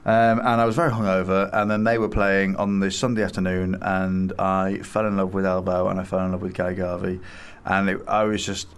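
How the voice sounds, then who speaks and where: A man's voice: low voice, little pitch movement, a little fast, hardly any pauses, clean tone. A man chatting as a radio guest, rambling and enthusiastic, with lots of hesitations and restarts. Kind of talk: casual radio chat. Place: radio studio.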